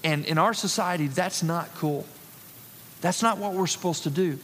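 A man delivers a sermon from the pulpit in a notably high voice. He stresses his points by repeating them, and his words ring out through a church with a long, lingering echo. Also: moderate pace, fairly bright tone, a little hiss or hum. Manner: emphatic, repeats key phrases for stress. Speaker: pastor. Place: church sanctuary.

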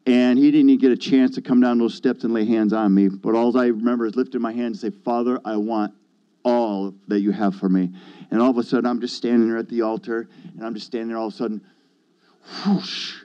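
Man, testimony speaker, mellow dark tone, emphatic swings, slightly dull lo-fi recording. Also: mid-range voice, level tone, racing, hardly any pauses, smooth. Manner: emphatic, shifts between loud bursts and hushed asides. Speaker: guest sharing his testimony. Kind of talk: animated testimony.

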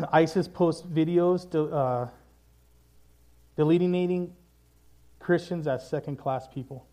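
Earnest male preacher, casual delivery, warm slightly high voice. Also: slow, long pauses. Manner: casual and earnest, says "man" often. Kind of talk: sermon.

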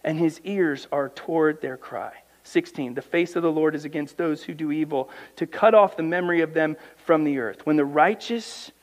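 A man preaching a sermon, reading scripture aloud and breaking in with emphatic commentary, swinging from quiet asides to loud, drawn-out emphasis. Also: on the high side. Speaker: pastor.

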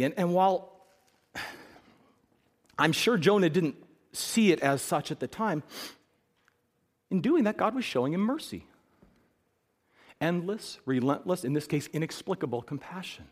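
A man preaching a sermon as pastor, emphatic and animated, repeating phrases for stress. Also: high-pitched, a little slow, pauses often.

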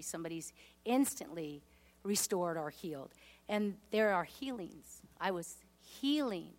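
A woman giving an earnest, heartfelt personal testimony in a sermon. She reads scripture aloud, and her voice drops low on painful memories.

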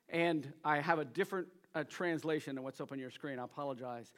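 A man preaching to his congregation with a notably high voice. His tone is bright and forceful, and he keeps calling on the listeners to answer back. He moves from loud, pressing emphasis to quieter asides. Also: fairly quick, hardly any pauses. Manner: energetic, exhorts the congregation to respond. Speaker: pastor. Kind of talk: sermon. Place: church service before a congregation.

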